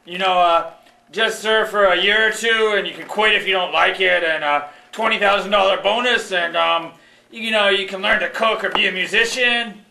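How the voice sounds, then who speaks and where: A man's voice: high-pitched, normal speed, vocal fry, pushed and bright, a little hiss or hum, full character voice. A man voicing a pushy, upbeat army recruiter puppet who talks like a salesman in a live puppet show, recorded in an echoey hall. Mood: persuading. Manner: salesy, cheerleading.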